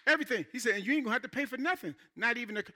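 A man preaches a sermon from the pulpit, his high voice cutting through with a very bright, forceful edge. He speaks in an animated, conversational way, checking in with the congregation and sinking to a hush for asides. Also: racing. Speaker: pastor. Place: church.

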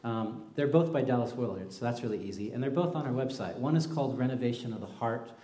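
A man's voice: medium pitch, quick pace, mellow, reverberant. A young man preaching a sermon in a conversational way, telling stories and acting out quoted voices. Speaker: pastor.

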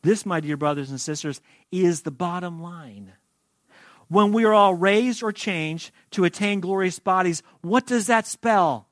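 A man preaching a sermon, shifting between loud emphatic lines and quiet asides. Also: fairly high pitch, lively intonation, takes it slowly, no room sound, clean studio sound. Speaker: pastor.

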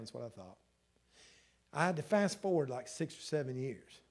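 A middle-aged man, preaching a sermon in an emotional storytelling way that swells loud at the peaks. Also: mid-range voice, sing-song, normal speed, pauses often. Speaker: pastor.

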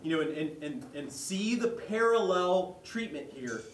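Man preaching, fairly high voice, animated storytelling, echoey hall, distant mic. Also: a little slow, a little hiss or hum. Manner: conversational, animated retelling with quoted voices. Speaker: pastor. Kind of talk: sermon.

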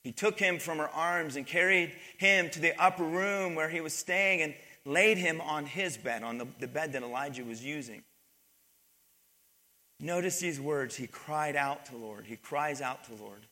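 A man's voice: fairly high pitch, unhurried, pushed and bright. A male pastor delivering a sermon, reading scripture and explaining it emphatically, with call-outs to the congregation. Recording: long hall reverb.

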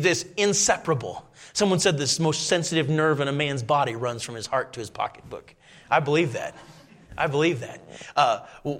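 A middle-aged man preaching a sermon, dropping into quiet asides and rising to loud, fervent passages. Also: a little high.

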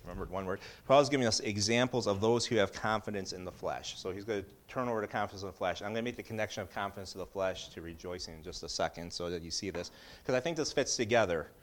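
A man's voice: lowish voice, quick pace. A middle-aged man giving a casual Bible teaching in a conversational way, with joking asides and frequent restarts.

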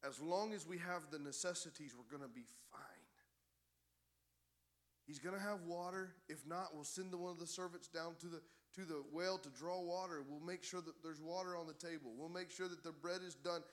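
A man preaching a sermon as pastor, building to loud, emphatic exhortation. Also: a little high, fairly even intonation, fairly quick, hardly any pauses.

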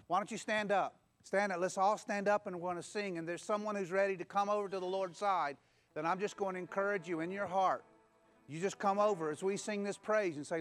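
High-voiced man preaching a sermon. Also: fairly even intonation, fast, faint music behind. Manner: exhorting, repeats phrases and leads call-and-response. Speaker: pastor. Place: church.

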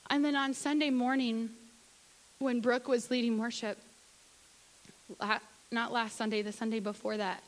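A woman's voice: fairly high pitch, level tone, normal speed, long pauses, low-quality recording. A woman giving a candid, conversational church testimony, acting out her own asides. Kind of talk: sermon testimony.

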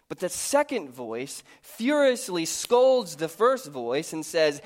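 A man in his thirties, a pastor, telling a personal story in a sermon in a lively, conversational, self-mocking way. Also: on the high side, takes it slowly, hardly any pauses.

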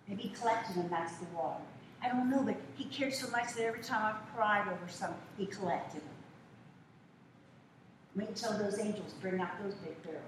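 A woman's voice: mid-range voice, a little fast. Older woman preacher, conversational sermon style; distant mic with audible room noise. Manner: conversational storytelling, folksy asides. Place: church sanctuary. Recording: echoey church from far off.

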